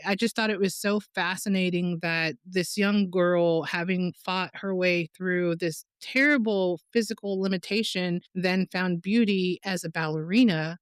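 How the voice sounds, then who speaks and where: Animated woman telling stories, dry sound. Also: measured pace, few pauses, clear, resonant tone, dry recording. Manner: animated storyteller, acts out quotes with big pitch jumps. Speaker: documentary filmmaker guest. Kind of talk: casual interview conversation.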